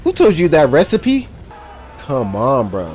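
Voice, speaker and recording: A man's voice: a little high, wildly swooping pitch, a little slow, darkish tone, soft background music. A young man casually reacting to a movie, talking in loose slang, cursing and laughing a lot.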